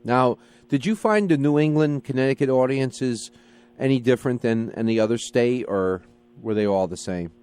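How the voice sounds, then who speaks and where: A man's voice: medium pitch, normal speed, a little mellow, clear, resonant tone. A man hosting a radio interview from a studio, asking questions in a friendly, hesitant way. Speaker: radio host.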